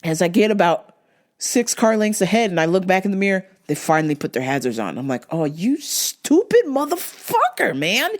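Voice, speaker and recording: A young woman hosting a podcast, telling a story in a profane, animated rant. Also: fairly low pitch, fast. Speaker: podcast host. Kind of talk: casual storytelling monologue.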